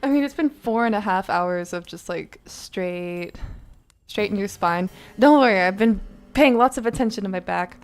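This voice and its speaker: Sleepy young woman streamer, chatty and rambly, mid-pitched voice. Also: normal speed. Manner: chatty, rambling with many fillers and laughs. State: tired. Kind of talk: casual stream chat.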